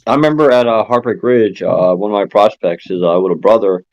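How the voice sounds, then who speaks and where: A man on a podcast telling animated stories in slangy, casual talk. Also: fairly low pitch, brisk, lo-fi sound.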